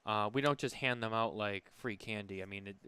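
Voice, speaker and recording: On a dry recording, a man with a fairly low, brisk voice, pushed, bright and smooth, co-hosts a podcast. He keeps it casual and conversational, frequently restarting sentences and using many fillers.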